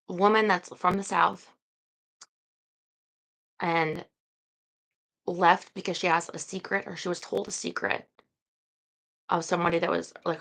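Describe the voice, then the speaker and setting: A woman's voice: fairly low pitch, creaky, pushed and bright, low-quality recording. A woman hosting a book-reading livestream, chatting casually to viewers in a rambling, hesitant way with many fillers.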